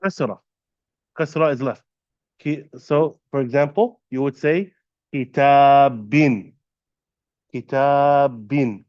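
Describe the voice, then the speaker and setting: A man teaching a classroom lesson, patiently quizzing students and repeating terms slowly. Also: fairly high pitch, lively intonation, darkish tone, no room sound, highs cut off. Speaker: Arabic teacher. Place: classroom at an Islamic center.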